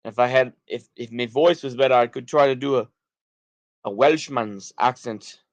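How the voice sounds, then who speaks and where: A man's voice: mid-range voice, steady tone, fast talker, no room sound. A man with a Texan accent rambling through a livestream as he reacts to chat, sounding somewhat drunk, with loose restarts and trailing sentences. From United States. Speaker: streamer.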